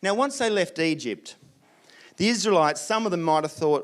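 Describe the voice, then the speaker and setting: Lively Australian pastor preaching. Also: male voice, sits high, normal speed. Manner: animated storytelling with acted asides. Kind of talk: sermon.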